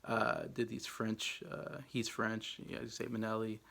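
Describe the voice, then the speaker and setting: A man's voice: fairly low pitch, completely flat delivery, moderate pace, creaky, sharp tone. A man reviewing old films in a casual, rambling way, full of fillers and hedges. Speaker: film reviewer. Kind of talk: casual movie ranking talk.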